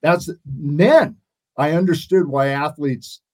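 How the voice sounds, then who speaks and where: Speaking slowly in a fairly high voice, a man in his sixties tells stories as an interview guest. It's a casual exchange, and he rambles, frequently starting his sentences over.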